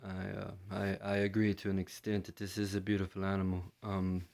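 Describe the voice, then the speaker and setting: A man's voice: deep voice, completely flat delivery, brisk, creaky, darkish tone. A man from London, telling a personal story in a hesitant way, full of fillers and restarts. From London, England. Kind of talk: first-person storytelling monologue.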